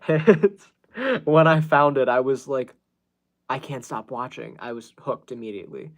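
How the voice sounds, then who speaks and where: Male podcast host, casual rambling storyteller, mid-pitched voice. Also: a little slow. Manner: rambling, with many fillers and restarts.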